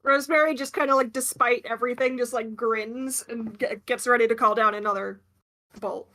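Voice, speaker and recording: A woman's voice: fairly high pitch, fairly even intonation, normal speed, bright, forceful tone. A woman playing a tabletop game, describing her character's moves in a hesitant way full of fillers. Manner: hesitant, filler-heavy speech. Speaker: player.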